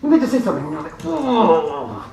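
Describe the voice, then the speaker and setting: A man giving a lively motivational seminar talk to a live audience, often laughing and asking the room questions. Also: a little high, fairly quick. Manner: animated, laughing, addresses audience directly. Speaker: motivational speaker. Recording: echoey room from far off, faint noise.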